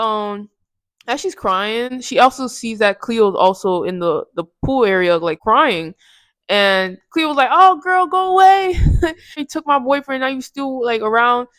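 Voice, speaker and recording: A woman's voice: medium pitch, fairly bright tone, dry recording. Slangy rambling woman recapping a movie. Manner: rambling, slangy, self-correcting with restarts and laughs. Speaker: movie reviewer.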